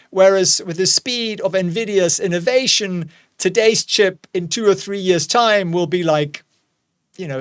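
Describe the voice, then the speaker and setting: A man's voice: on the high side, dry recording, clean studio sound. A man in his forties hosting a casual investing commentary, chatty with jokey asides. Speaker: host.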